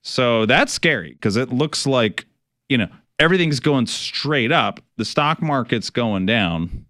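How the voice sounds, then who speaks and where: A man's voice: mid-range voice, animated, unhurried, bright, forceful tone, dry recording, clean studio sound. A middle-aged man, a financial advisor hosting a radio show, talking casually with many fillers, restarts and some wry sarcasm.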